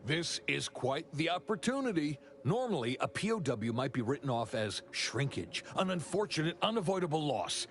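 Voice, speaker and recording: A man's voice: fairly high pitch, sing-song, normal speed, a bit bright, a little hiss or hum. An actor playing a chatty, upbeat male corporate publicist in a video game.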